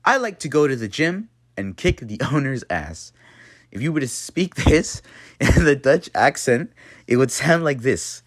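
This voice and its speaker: A man's voice: mid-range voice, sing-song, measured pace, no echo, clean studio sound. A man hosting a jokey tutorial and talking to his viewers as if they were a class. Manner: playful, talks to viewers as a class. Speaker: channel host teaching a mock language lesson.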